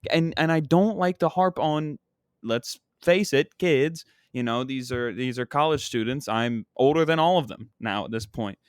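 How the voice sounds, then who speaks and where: A young man hosts a solo podcast in casual chat, rambling and exasperated as he vents about his teams. His voice sits at an ordinary middle pitch for a man. The recording is dry and close, with little room sound. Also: moderate pace, smooth, no echo. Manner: rambling, exasperated sports-fan venting with frequent "you know what I mean". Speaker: podcast host and comedian.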